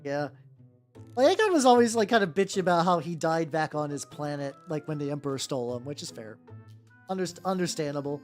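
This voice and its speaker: A woman's voice: deep voice, lively intonation, a little fast. A young woman chatting casually on a stream while painting miniatures, rambling with lots of fillers and casual swearing. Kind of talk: casual livestream chat. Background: soft background music.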